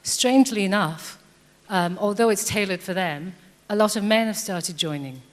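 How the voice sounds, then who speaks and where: A woman in her 50s speaks from the floor of a debate in a large hall, earnest but hesitant with many ums. Her voice is mid-range at a normal speed, and the recording has long hall reverb.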